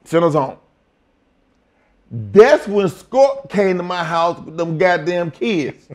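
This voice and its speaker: A man's voice: sits high, animated, slow pace. An older retired wrestler telling blunt, profane stories in an interview and acting out the lines of the people he quotes.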